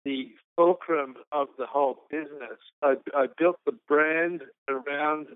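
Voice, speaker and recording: A man's voice: on the high side, steady tone, measured pace, smooth, no room sound. A man from Australia, a business founder, telling his story in an interview, rambling and restarting often. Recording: phone-like narrow-band line.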